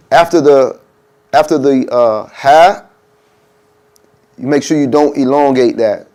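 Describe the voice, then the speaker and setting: A man's voice: fairly high pitch, slow, long pauses, a little mellow, smooth. A man teaching a workshop in a mosque room. He talks casually, checks in often with "okay?" and says pronunciations aloud to show them. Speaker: adhan workshop instructor.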